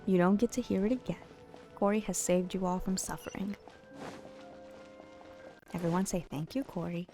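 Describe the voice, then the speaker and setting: A woman streaming a game late at night, chatting casually and playfully with her viewers, teasing and giggling and sometimes dropping to a hush. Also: on the low side, moderate pace, long pauses, faint music behind. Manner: drops to a hushed late-night voice at times. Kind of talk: casual chat with live viewers.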